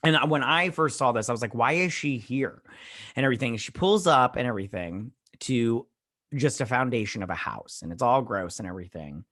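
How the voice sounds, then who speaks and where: Male host, mid pitch, loose rambling recap delivery, dry booth sound. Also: expressive, brisk, fairly bright tone, no room sound. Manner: rambling, filler-heavy retelling with many "uh" and "all like". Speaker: show host. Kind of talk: casual episode recap.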